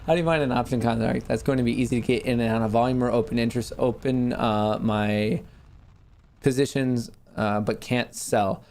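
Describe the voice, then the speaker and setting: A man's voice: mid-range voice, steady tone, normal speed, darkish tone, slight background noise. A man hosting a casual livestream, reading viewer messages aloud and answering them off the cuff. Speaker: host.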